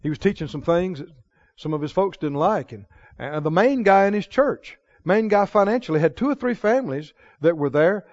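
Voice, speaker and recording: A man preaching a sermon, chuckling often and swinging from hushed storytelling to loud proclaiming. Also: high voice, lively intonation, moderate pace, dry recording. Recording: dull lo-fi recording.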